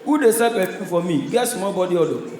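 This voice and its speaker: Loud Nigerian stand-up comedian, echoey venue. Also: male voice, high voice, expressive, a little fast, a little hiss or hum. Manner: loud, punchy storytelling in pidgin. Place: comedy stage.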